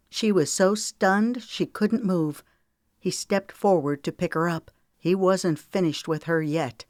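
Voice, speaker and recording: Woman audiobook narrator, lowish voice, dry close sound. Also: no echo. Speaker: author reading her novel.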